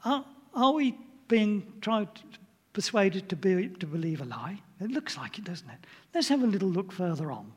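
A man's voice: sits high, in a large hall. An older man giving an informal sermon in a chatty way, often putting questions to his listeners. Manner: chatty, asks the audience questions. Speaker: preacher.

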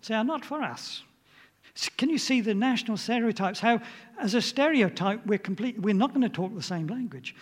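A man's voice: high-pitched, expressive, brisk, breathy edge, big-room sound. An older man giving an informal sermon in a chatty way, often putting questions to his listeners. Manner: chatty, asks the audience questions. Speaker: preacher.

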